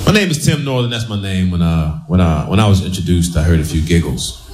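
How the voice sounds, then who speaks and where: A male stand-up comedian delivering deadpan puns and talking back to the audience. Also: deep voice, fairly quick, noisy background. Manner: deadpan, pun-driven, chats with the audience. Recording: roomy club mic with loud crowd.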